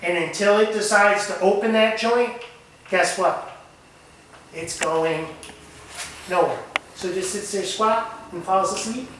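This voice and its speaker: A high-voiced man leads a hands-on camp nature lesson and keeps asking his listeners questions. His voice is bright. He is picked up from far off in a very echoey room. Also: unhurried, pauses often, slight background noise. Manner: animated, asks the group questions.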